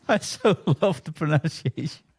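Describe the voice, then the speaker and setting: A man's voice: on the high side, a little slow, slightly rough. A man whose first language is not English, a quiz contestant chatting and telling stories, laughing easily. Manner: animated storyteller, laughs easily. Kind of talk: casual chat.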